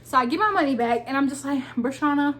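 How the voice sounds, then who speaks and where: A woman in her twenties telling a personal story to her viewers in a casual, animated vlog. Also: high-pitched, quick pace. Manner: animated, talks straight to viewers with "y'all". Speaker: lifestyle vlogger.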